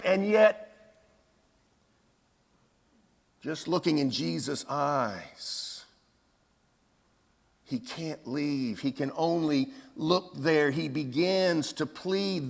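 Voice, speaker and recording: A man preaching a sermon in a church, telling the story dramatically with pauses and acted-out scenes. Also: sits high, vocal fry. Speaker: pastor. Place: church sanctuary.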